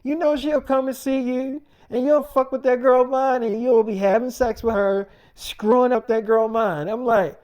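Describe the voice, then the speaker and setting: A man's voice: very high voice, steady tone, normal speed, few pauses, darkish tone, lo-fi sound. A man telling a personal story in a loose freestyle monologue, rambling and swearing in casual slang.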